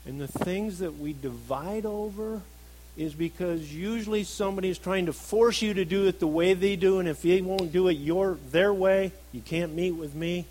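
A middle-aged man preaching a sermon, earnest, moving between emphatic stresses and soft, reflective passages. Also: high-pitched, normal speed, a little hiss or hum, poor audio.

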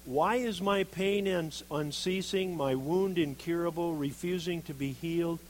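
Male preacher, sermon, animated delivery, slightly high voice, faint hum behind. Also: unhurried, poor audio. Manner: animated, acts out quoted voices of Jeremiah and God. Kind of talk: sermon, reading scripture with commentary.

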